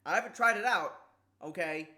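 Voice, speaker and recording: A man streaming casually, talking haltingly with a slight lisp from a sore tongue, repeating words and struggling with S sounds. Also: high-pitched, bright, forceful tone. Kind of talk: casual livestream chat.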